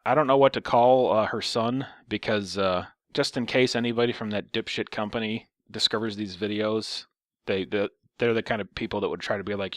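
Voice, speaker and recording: A man's voice: on the low side, no room sound, clean studio sound. A man telling a story in a casual vlog, ranting with exasperation and a lot of profanity. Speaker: vlogger.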